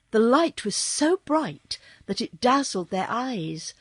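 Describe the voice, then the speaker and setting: A woman reading a children's storybook aloud as audiobook narrator, slow and expressive. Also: medium pitch, slightly rough, dry recording, clean studio sound. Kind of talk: scripted narration.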